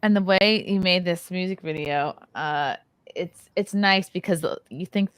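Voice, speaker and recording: A woman's voice: lowish voice, a little slow, fairly bright tone, smooth, dry recording. A woman hosting a podcast in a casual chat, talkative and laughing between her words. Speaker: podcast host.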